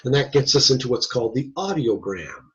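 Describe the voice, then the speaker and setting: A man's voice: medium pitch, sing-song, fairly quick, a bit bright, husky. A man lecturing a class in a folksy, joking, conversational way, in a dull lo-fi classroom recording. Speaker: instructor. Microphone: video call or room mic.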